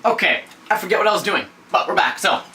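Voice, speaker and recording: Man hosting a jokey home cooking demo, bright voice, a bit off-mic in a kitchen with faint dish clatter. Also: high voice, animated, fast talker. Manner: rambling, goofy, joke-telling. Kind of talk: casual cooking demo with jokes. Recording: voice from a distance, faint kitchen noise.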